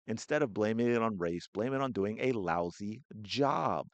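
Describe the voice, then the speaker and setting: A man's voice: lowish voice, animated, normal speed, no room sound. Heated man ranting on a sports podcast. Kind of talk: opinionated solo commentary.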